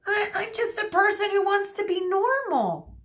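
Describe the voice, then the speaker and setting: A nervous young girl from a storybook, stammering and apologetic, her voice pitched higher than normal speech, as a woman reads her. She sounds small and hesitant. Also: animated, unhurried, a bit bright, heavily acted. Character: anxious young girl with snake hair. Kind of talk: storybook read-aloud.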